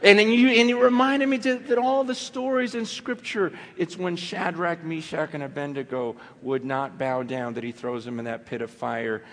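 A male pastor preaching a sermon, impassioned, building to near shouts and then dropping low and quiet. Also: fairly even intonation, normal speed, few pauses. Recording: long hall reverb.

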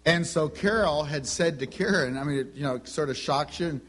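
Speaking fairly quickly in a slightly high, somewhat bright voice with a breathy huskiness, a middle-aged man preaches a sermon. He breaks into homespun tales about family, acting out each person's dialogue.

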